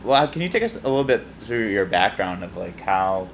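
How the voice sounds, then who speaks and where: A man's voice: on the low side, sing-song, normal speed, gravelly, a little hiss or hum. A man hosting a podcast, chatting casually and enthusiastically, often repeating "yeah". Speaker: podcast host. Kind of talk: casual interview chat.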